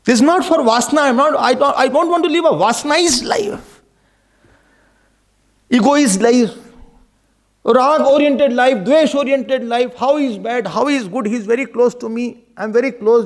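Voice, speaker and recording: A man giving an impassioned devotional discourse as a spiritual teacher, pleading and exhorting his listeners. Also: very high-pitched. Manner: impassioned, mixing in Hindi verses and pleading cries.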